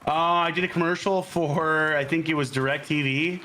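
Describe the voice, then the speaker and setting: A man's voice: fairly high pitch, steady tone, normal speed, sharp tone, a little hiss or hum. A laid-back man from Florida, an actor guest on a podcast who tells stories and swears freely while chatting casually during a game.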